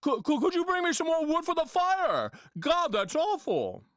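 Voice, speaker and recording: A stammering, high-pitched old film star. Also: male voice, very animated, moderate pace, a bit bright, no room sound, studio quality, exaggerated voice. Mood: stammering, folksy. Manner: stammering, repeats words, drawling.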